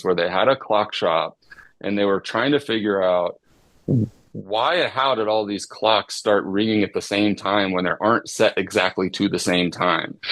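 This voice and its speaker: A middle-aged man, a psychotherapist guest explaining ideas with everyday examples in a relaxed podcast chat. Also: fairly low pitch, no room sound.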